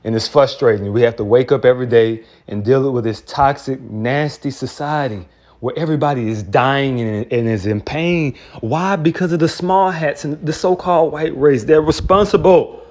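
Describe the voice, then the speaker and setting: A man's voice: medium pitch, normal speed, a little mellow. A man preaching in a heated, profane rant, often repeating and restarting words. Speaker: street preacher. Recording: dull lo-fi recording.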